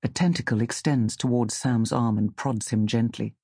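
Slightly breathy man reading a story. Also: mid-range voice, dry recording, studio quality. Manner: calm, measured storytelling. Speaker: narrator. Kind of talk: scripted audiobook narration.

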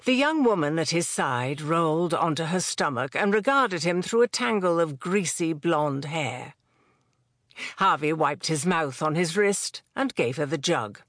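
A narrator reading a historical novel aloud in a measured, even storytelling voice. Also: mid-range voice, dry recording. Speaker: audiobook narrator. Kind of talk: scripted audiobook narration. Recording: dry close studio sound.

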